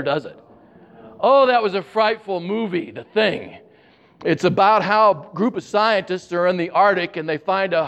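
A man's voice: high-pitched, fairly bright tone, lo-fi sound. A man in his seventies from Ohio, preaching in a folksy, anecdotal storytelling way and chuckling at his own tales. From Ohio, USA. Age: 70s. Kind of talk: storytelling sermon.

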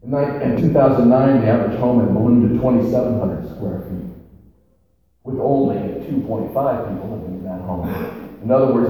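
Man preaching a sermon, lowish dark voice, lots of church echo. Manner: emphatic preaching with slow repeated key phrases. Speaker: pastor. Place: large echoey church sanctuary. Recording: echoey hall from far off.

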